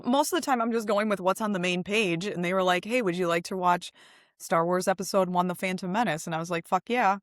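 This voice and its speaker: A woman's voice: lowish voice, no echo, studio quality. Chatty young woman podcast co-host. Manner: chatty, laughing, quick to gossip. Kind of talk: casual chat.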